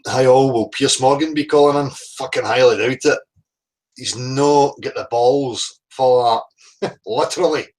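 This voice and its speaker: A man's voice: mid-range voice, measured pace, darkish tone, poor audio. Blunt, sweary man hosting a stream. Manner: blunt, sweary, greets chat viewers one by one. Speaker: livestream host. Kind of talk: casual livestream chat.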